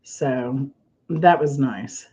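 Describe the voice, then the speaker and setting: A woman's voice: a bass voice, extremely slow, a little mellow, husky. A woman hosting a casual livestream, chatting with viewers in a self-amused, rambling way while fighting a cough and sneezes. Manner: chatty, self-amused, trailing off mid-sentence. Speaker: livestream host. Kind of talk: casual chat reading viewer comments.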